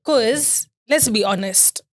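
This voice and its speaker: A woman with a Kenyan accent co-hosting a podcast, chatty and engaged, with quick affirmations and frequent laughs. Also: a little high. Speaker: podcast co-host. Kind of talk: casual chat.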